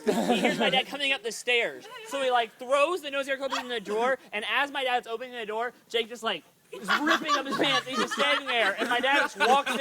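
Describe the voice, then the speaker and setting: A woman telling a funny family story in a casual vlog, giggling often and filling her talk with "like". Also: sits high. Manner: giggly, lots of "like" fillers, acts out quotes. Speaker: vlogger. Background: friends chiming in and laughing.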